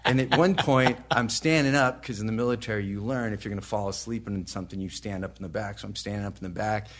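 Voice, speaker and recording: Man, fifties, lowish voice, podcast guest, rambling profane storyteller, chuckles through his tales. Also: fairly even intonation, fast, fairly bright tone. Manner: rambling anecdotes, profane, laughs while talking. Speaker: guest, celebrity trainer.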